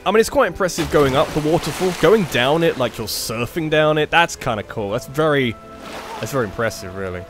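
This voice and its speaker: A man hosting a let's play, commentating on gameplay in an animated, sweary, self-mocking way. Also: a little high, brisk, over music.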